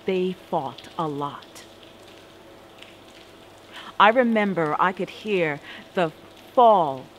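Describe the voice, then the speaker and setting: A woman performing a spoken-word story with a deliberate, dramatic delivery and rhythmic repetition. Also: fairly low pitch, a bit bright, a little hiss or hum, poor audio.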